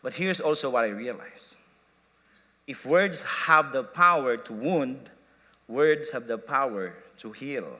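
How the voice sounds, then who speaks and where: A man's voice: medium pitch, pushed and bright. A man preaching a sermon, telling a family story and laughing at himself as he quotes his sons and wife. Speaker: pastor. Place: church sanctuary. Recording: long church hall reverb.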